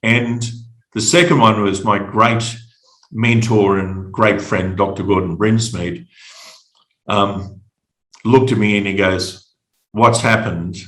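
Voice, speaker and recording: A middle-aged Australian man telling his personal story as a podcast guest, halting and reflective, often repeating words. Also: on the low side, steady tone, fairly bright tone, reverberant, rough recording.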